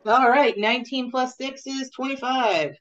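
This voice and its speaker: A woman's voice: high voice, a little slow. A woman playing a tabletop game, chatting in a hesitant, unsure way as she works out her rolls. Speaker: player. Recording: dull lo-fi audio.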